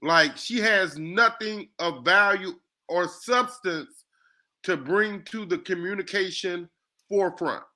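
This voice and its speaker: Male host, high bright voice, animated and jokey, casual panel chat. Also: slow pace. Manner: animated, poses scenarios, jokey asides. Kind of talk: casual discussion.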